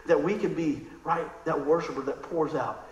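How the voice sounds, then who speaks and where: A man preaching a sermon in an animated, conversational way, telling stories and asking the crowd questions. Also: fairly high pitch, normal speed, reverberant, muffled recording, a little hiss or hum. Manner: animated, excitable storytelling.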